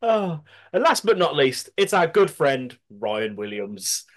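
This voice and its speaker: With a Brummie accent and a medium-pitched, very animated voice, a podcast co-host from Birmingham, England, reads out listener submissions at a measured pace. Frequent laughter and casual swearing pepper his reading.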